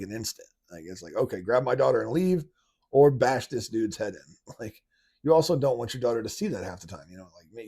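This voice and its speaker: A man's voice: fairly low pitch, warm tone, slightly rough. A man hosting a casual commentary video, rambling with many restarts and fillers. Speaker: commentary channel host.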